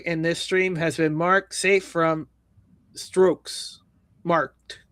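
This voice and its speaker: A man's voice: fairly high pitch, flat delivery, drawn-out words, a bit bright, no room sound. A man hosting a livestream, reading viewer comments and news aloud with sarcastic jokes. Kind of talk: casual news roast chat.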